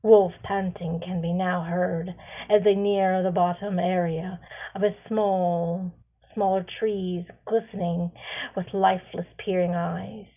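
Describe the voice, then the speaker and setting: Brief: woman author reading her storybook, unhurried, lo-fi phone-like audio. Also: on the low side, steady tone. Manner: slow, hushed at the grim parts. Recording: tinny phone-like sound.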